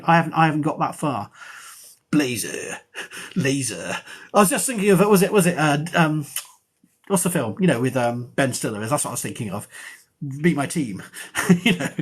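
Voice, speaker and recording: A middle-aged man, an archaeology professor, chatting on a live stream in a rambling, self-mocking and excitable way. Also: a little high, slightly rough. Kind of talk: casual live-stream chat.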